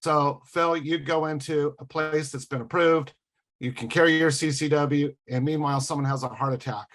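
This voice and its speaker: A man's voice: on the high side, steady tone, normal speed, fairly bright tone. A man appearing as a podcast guest, explaining things point by point with dry sarcasm. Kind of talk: casual podcast discussion.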